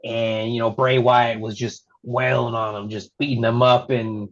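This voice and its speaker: A man from Texas, a wrestling referee and podcast guest, telling stories in a casual interview and acting out quotes in a high voice. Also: moderate pace. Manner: excitable storyteller who acts out quotes in a high voice. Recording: slightly muffled lo-fi audio.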